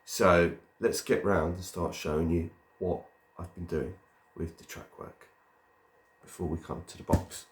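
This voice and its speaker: Hoarse low-voiced man rambling. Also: fairly even intonation, measured pace, slight background noise. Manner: rambling, with many ums and restarts. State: hoarse from a cold. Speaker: model railway vlogger. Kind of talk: casual talk to camera.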